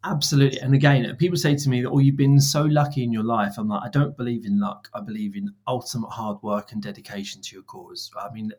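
A man's voice: mid-range voice, fast talker, hardly any pauses. 40s guy on a podcast spinning stories, does little voices for the people he quotes. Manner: animated, acts out dialogue in quoted voices. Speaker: guest, brand founder. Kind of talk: storytelling interview answers.

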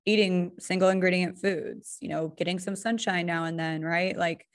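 A woman co-hosting a podcast in casual chat, talking fast and loose with lots of "like" and "right?". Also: fairly low pitch, steady tone. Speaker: podcast co-host.

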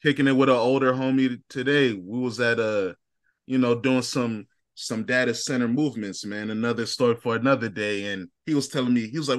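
A man in his thirties from Chicago, co-hosting a casual podcast chat, slangy and quick to laugh as he tells stories. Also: medium pitch. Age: 30s. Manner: laughs often, slangy and animated storytelling. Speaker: podcast co-host.

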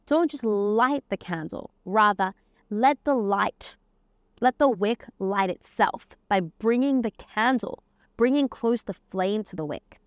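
A woman's voice: mid-range voice, lively intonation, slow, no echo, clean studio sound. A woman giving a conversational Torah lesson, weaving Hebrew terms and verses into her explanation. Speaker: Torah teacher. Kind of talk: casual spoken lesson on the weekly portion.

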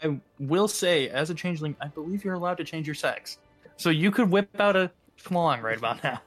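A man's voice: on the high side, lively intonation, fairly quick, fairly bright tone, faint music behind. A man running a tabletop game as game master, joking and teasing his players with casual profanity.

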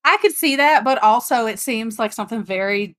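A woman's voice: a little high, lively intonation, a bit bright. A woman co-hosting a podcast who reacts with jokes and teasing quips. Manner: joking and teasing, quick quips. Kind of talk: casual chat.

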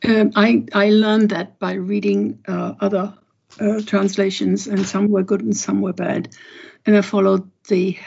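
A woman translator talks through her craft slowly, with lots of pauses and restarts. Her voice is gravelly, dark and husky. The recording sounds dull and lo-fi. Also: medium pitch, level tone. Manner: thoughtful, halting, many pauses and restarts. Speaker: poet and translator. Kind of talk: unhurried interview talk, reading a poem aloud.

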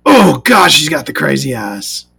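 A woman's voice: extremely low pitch, very animated, measured pace, vocal fry, fairly bright tone, husky. A woman vlogger telling a story in a casual rant, sarcastic, profane and mocking.

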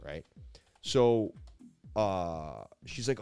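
Speaking quickly in a medium-pitched voice, a man running a crypto market show rambles animatedly through a story, saying "like" constantly, before walking through charts. The recording is dry, with soft music in the background.

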